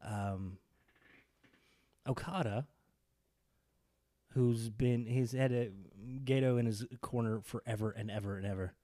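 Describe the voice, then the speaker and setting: A man co-hosting a casual podcast, talking about wrestling with rambling enthusiasm. His voice is mellow and dark. The sound is dry and close. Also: medium pitch, unhurried, pauses often, no echo. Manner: enthusiastic, rambling, animated when excited. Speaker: podcast co-host.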